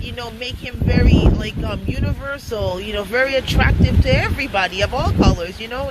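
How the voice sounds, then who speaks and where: A woman's voice: a little high, very noisy. A woman telling a story in a casual vlog, chatty and slangy, laughing often. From United States. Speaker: vlogger.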